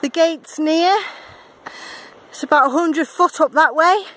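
A woman's voice: high voice, measured pace, a bit bright, a little hiss or hum. A woman vlogging outdoors as she climbs a steep path up from a beach, winded and sighing, joking that she isn't out of breath. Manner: jokey, keeps insisting she is not out of breath, sighing. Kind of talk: casual vlog narration while hiking.

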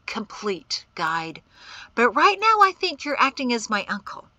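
A cool, resolute young woman, steady and unbending, as read by a woman narrator. The voice is bright, with a lively, rising pitch and a slow pace, in a storybook reading. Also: dry recording, exaggerated voice. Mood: gentle. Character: calm, determined young woman leader.

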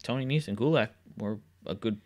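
A man's voice: on the low side, a little fast. A man co-hosting a podcast, recapping wrestling matches in a casual, chatty way and laughing often. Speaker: podcast co-host.

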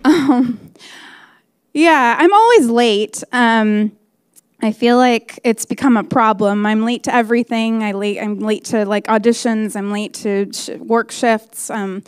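A woman in her thirties performing a stand-up comedy set, telling candid stories in a deadpan way with quick acted-out asides. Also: on the high side, clear, resonant tone, dry recording. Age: 30s.

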